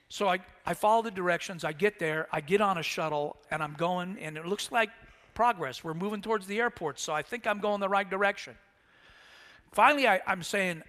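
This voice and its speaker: Male preacher, high and bright voice, lively storyteller who acts out the dialogue; church echo. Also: brisk. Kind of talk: sermon storytelling. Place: church sanctuary. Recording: long church reverb.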